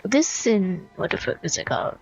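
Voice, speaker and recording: A woman's voice: medium pitch, expressive, moderate pace, gravelly, breathy edge, lo-fi sound, soft background music. A woman streamer chatting casually over a game, offhand, laughing and swearing. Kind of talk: casual gaming chat.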